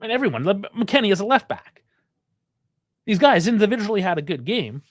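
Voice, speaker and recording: Furious swearing fan commentating live. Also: male voice, high voice, very animated, fairly quick. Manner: angry, frustrated, heavy swearing.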